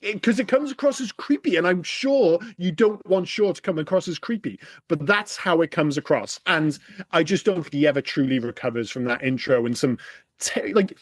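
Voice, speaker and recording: A man co-hosting a podcast, chatting casually about a film in an animated, exasperated way and swearing often. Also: on the high side, normal speed, dry recording. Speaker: podcast co-host. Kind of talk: casual film review chat.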